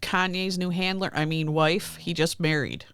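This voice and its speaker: A woman's voice: lowish voice, normal speed, fairly bright tone, clear, resonant tone. A woman co-hosting a podcast in casual chat, emphatic and exasperated, laughing often. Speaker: podcast co-host.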